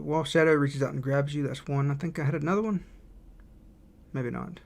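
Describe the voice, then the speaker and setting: A man's voice: a little high, brisk, vocal fry. A man streaming his indie game development, chatting casually and thinking aloud while he draws and reads chat.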